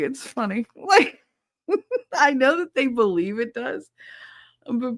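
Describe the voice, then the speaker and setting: A woman's voice: on the high side, big pitch swings, unhurried, long pauses, dry recording, clean studio sound. A woman hosting a podcast, chatting casually with listeners, blunt and swearing freely. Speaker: podcast host reading listener chat. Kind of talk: casual chat.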